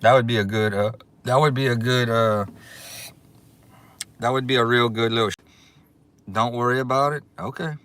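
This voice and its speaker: A man hosting a casual livestream, excitable and drawling as he thanks his viewers over and over. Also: mid-range voice, moderate pace, pauses often. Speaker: livestream host. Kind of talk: casual live chat. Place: outdoors.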